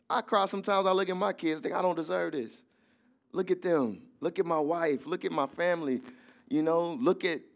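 A man preaching a sermon in an emphatic, conversational style. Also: fairly high pitch. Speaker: pastor.

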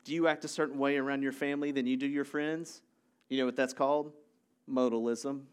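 A man's voice: medium pitch, flat delivery, a little fast, clear, resonant tone. A male pastor giving a sermon in a conversational way, explaining ideas step by step with joking asides.

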